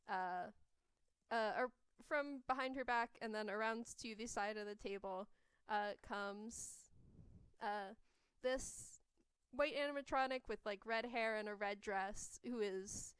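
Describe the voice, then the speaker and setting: Slow, clear-voiced woman game master. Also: fairly high pitch, a bit bright, no echo. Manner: meandering with many fillers. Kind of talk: narrating a tabletop game.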